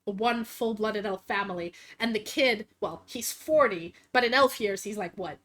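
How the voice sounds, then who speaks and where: A woman's voice: medium pitch, moderate pace, a bit bright. A woman hosting a casual chat, rambling about her game world with many fillers and restarts. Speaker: vtuber host and game master.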